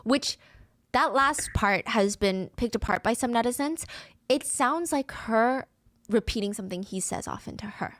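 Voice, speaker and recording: A woman narrating a scripted true-crime story in a brisk way, acting out the quoted speech as she goes. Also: a little high, expressive, fairly bright tone, no echo, studio quality.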